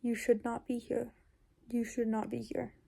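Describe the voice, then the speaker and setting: A woman voicing a ghostly young boy with a bloody knife, speaking low, hushed warnings that are partly whispered. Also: flat delivery, measured pace, vocal fry, heavily acted. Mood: ominous.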